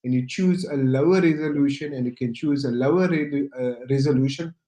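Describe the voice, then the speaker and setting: A man's voice: medium pitch, fairly quick, mellow. A man with a South African accent, co-hosting an online maths workshop, explaining a settings fix to viewers. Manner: teasing, then plainly explaining. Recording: roomy echo.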